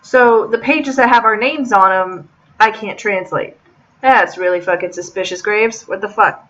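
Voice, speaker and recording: A woman's voice: medium pitch, moderate pace, fairly bright tone, dull audio. A woman casually commenting on a visual novel she is playing, chatty and sarcastic, swearing freely. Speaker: game let's player.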